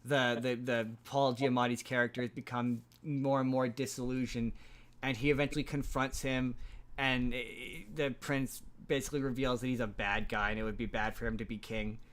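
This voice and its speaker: A man's voice: medium pitch, little pitch movement, normal speed, fairly bright tone. A man hosting a podcast, recapping a movie plot in a loose, rambling way with many restarts. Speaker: podcast host.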